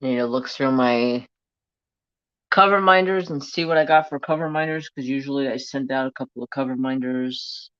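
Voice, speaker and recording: A crafting livestream host rambles casually to viewers and a pet at home. The voice is medium-pitched, smooth and a bit bright, at normal speed. The home stream audio is dull and lo-fi, with no room sound.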